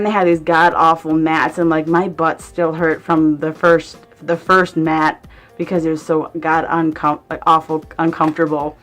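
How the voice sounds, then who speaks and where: A young woman with a fairly low-pitched voice tells a casual vlog story. She rambles, swears without a second thought and fills nearly every sentence with "like". Faint music plays underneath her. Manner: rambling, heavy use of "like", swears freely. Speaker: vlogger.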